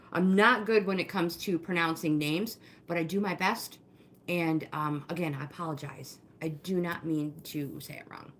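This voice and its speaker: A middle-aged woman hosting a fitness livestream coaches a live walking workout, talking slowly and sounding slightly out of breath. She's chatty and encouraging, calling out viewers by name. The room has a roomy echo, with a little low hiss or hum.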